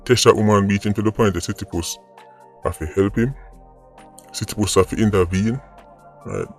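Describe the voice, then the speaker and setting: Jamaican man, low voice, opinion vlog host, rhetorical, faint music behind. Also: normal speed. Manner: argumentative, rhetorical "right?" asides. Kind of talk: opinion commentary.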